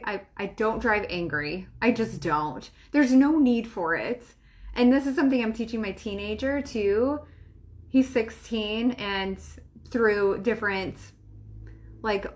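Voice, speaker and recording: A middle-aged woman, a spiritual coach and podcast host, talking casually to listeners in a rambling way, with many fillers, frequent laughs and casual swearing. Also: a little high.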